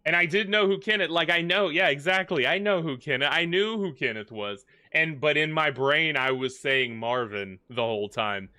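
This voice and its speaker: A man's voice: mid-range voice, sharp tone, no echo. A man hosting a gaming livestream, chatting casually and joking with the game characters as he plays. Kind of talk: casual live commentary.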